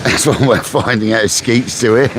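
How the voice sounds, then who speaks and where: A man's voice: mid-range voice, moderate pace. A man fishing on a live stream, chatting casually with viewers in a laid-back way, laughing often and calling people mate. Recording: outdoor mic with loud surf noise. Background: ocean waves.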